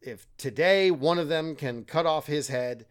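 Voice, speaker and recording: A man's voice: a little high, measured pace, smooth. Male podcast co-host, teacherly explainer, casual and self-mocking, slips into quoted voices. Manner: explanatory, self-deprecating, acts out quoted lines. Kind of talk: casual literary discussion.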